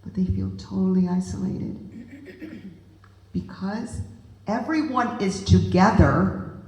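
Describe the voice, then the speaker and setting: A woman's voice: medium pitch, animated, takes it slowly, vocal fry, darkish tone, roomy sound, poor audio. A woman giving an earnest, emphatic talk to a group of parents, speaking directly to the audience. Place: meeting room with audience.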